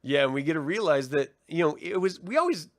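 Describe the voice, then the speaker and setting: A man's voice: on the high side, expressive, fast talker, no echo, studio quality. A man co-hosting a casual TV review chat, swearing freely, laughing often and acting out the characters' lines. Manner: profane, laughing, acts out quotes. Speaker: co-host reviewing a TV episode.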